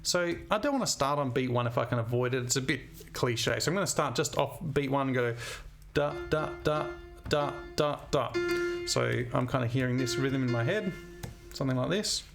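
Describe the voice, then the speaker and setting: Aussie music teacher guy working out a song out loud, medium voice, bit of music playing under him. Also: medium pitch, lively intonation, a little fast. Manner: thinking aloud, scatting melodies. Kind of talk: screen-recorded composition demo.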